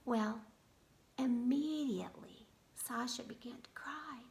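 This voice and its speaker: Woman kindergarten teacher, gentle storyteller, gravelly and fairly high. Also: measured pace. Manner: gentle, addresses children directly. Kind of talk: storytelling lesson for children.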